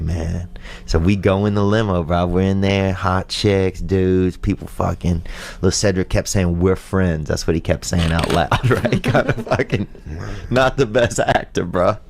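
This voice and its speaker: Man, podcast host, 30s, casual rambling storytelling, slangy, lowish voice. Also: darkish tone. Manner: rambling, slangy, peppered with "bro" and "dude".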